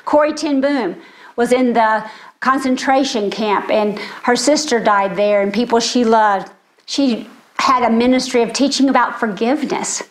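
A woman's voice: on the high side, normal speed. An older woman with grandchildren, giving a sermon in an earnest storytelling way. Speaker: speaker.

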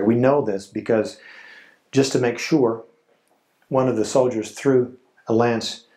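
A man preaching a sermon in a slow, solemn way, with dramatic pauses. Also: on the low side, mellow. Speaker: pastor.

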